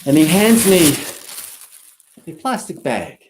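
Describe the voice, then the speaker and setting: A school principal giving a speech, telling a story with dramatic pauses. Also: male voice, on the high side, very animated, background noise.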